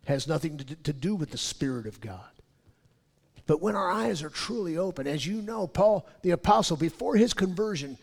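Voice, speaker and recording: A man preaching a sermon, rising loud on his key points and dropping low for scripture. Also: expressive, normal speed, creaky, husky. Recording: long hall reverb.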